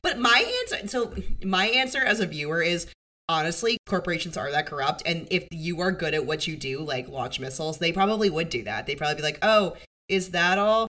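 Woman podcast co-host, bright tone, fairly low-pitched, animated casual recap chat. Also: fairly quick. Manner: animated, acts out characters' lines, swears.

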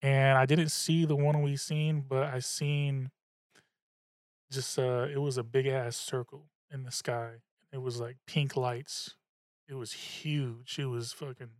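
A young man from telling a story in a casual, profane, animated way, often repeating himself. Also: medium pitch, dry recording, clean studio sound. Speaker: podcast host.

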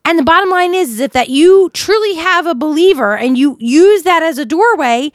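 A Canadian woman in her thirties co-hosting a podcast in animated, laughing, swearing banter. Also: very high voice, moderate pace, no echo, clean studio sound. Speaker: podcast co-host. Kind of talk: casual banter.

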